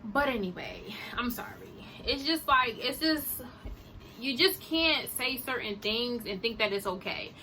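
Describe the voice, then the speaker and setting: A woman's voice: a little high, lively intonation, a little slow, pushed and bright, a little hiss or hum, poor audio. A young woman vlogger giving an impassioned, indignant opinion monologue to her camera. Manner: emphatic, indignant, rhetorical.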